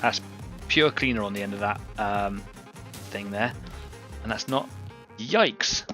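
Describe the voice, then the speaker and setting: A man's voice: on the low side, fairly even intonation, measured pace, pushed and bright, faint music behind. A man hosting a live painting stream, talking casually and rambling as he works and greets viewers from the chat.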